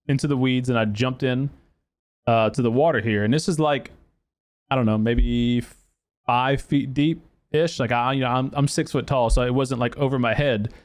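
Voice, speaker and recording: A man hosting a podcast, telling a story casually, with profanity and many fillers and restarts. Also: medium pitch. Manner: profane, animated storytelling with acted quotes. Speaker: podcast host.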